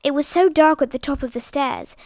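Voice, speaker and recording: A woman reading aloud and voicing a guilty young man who confesses haltingly. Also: high voice, darkish tone, dry recording. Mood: confessing.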